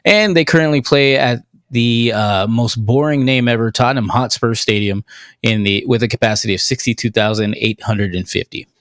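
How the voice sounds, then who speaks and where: A man's voice: mid-range voice, normal speed, a bit bright, no room sound. An American man co-hosting a casual podcast, reading off facts and numbers with wry asides. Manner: reads off facts and figures with dry jokes. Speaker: podcast co-host. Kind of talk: casual chat.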